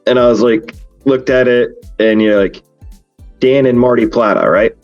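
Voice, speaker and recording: A man's voice: medium pitch, steady tone, normal speed, dull audio, soft background music. A man hosting a podcast in casual chat, talking frankly and rambling with many fillers and restarts. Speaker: podcast host.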